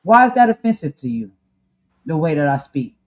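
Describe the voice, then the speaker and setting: A woman's voice: low voice, sing-song, brisk, darkish tone. Fired-up woman with a Jersey accent. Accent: New Jersey with a touch of North Carolina. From New Jersey. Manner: emphatic, fired-up, uses "y'all" and "okay?". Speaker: podcast co-host. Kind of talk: candid casual commentary.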